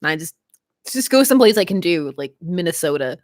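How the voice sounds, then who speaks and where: A woman's voice: lowish voice, sing-song, fairly quick, a little mellow, dry recording, studio quality. A woman hosting a livestream, chatting casually and giggling often. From Canada. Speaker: livestream host.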